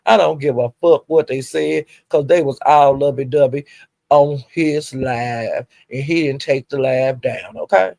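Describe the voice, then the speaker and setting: A woman's voice: rumbling low, measured pace, gravelly, dark tone, dry recording, clean studio sound. A woman casually recounting gossip, chatty and profane with laughing asides. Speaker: gossip vlogger.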